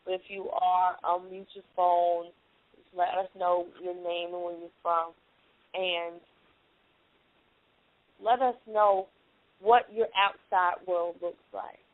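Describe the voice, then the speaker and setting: A woman's voice: lowish voice, little pitch movement, takes it slowly, long pauses, no room sound. Emphatic woman coaching over a phone line. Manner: earnest, emphatic, repeats key lines. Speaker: teleconference host, life coach. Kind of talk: motivational talk on a conference call.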